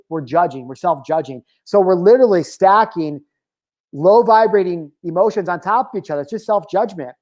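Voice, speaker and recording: A man's voice: high-pitched, animated, moderate pace, a little mellow, highs cut off. Candid, profane man in his thirties. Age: 30s. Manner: candid and profane, tangent-prone, with filler words. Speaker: host. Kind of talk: casual motivational talk.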